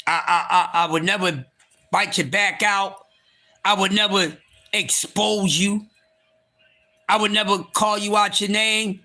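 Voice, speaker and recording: A man with a high, bright, sharp voice hosts a live stream and rants with blunt, profane energy. He moves between calm, smooth talk and loud, shouting bursts, repeating himself for emphasis. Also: unhurried, pauses often. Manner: animated, swings from calm to shouting. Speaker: livestream host.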